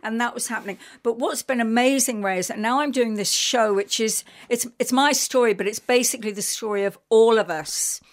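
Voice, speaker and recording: A middle-aged woman with a London accent, a radio guest telling an animated, emotional story with many fillers. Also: fairly high pitch, a little fast, hardly any pauses. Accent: London English. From England. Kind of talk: casual radio interview chat.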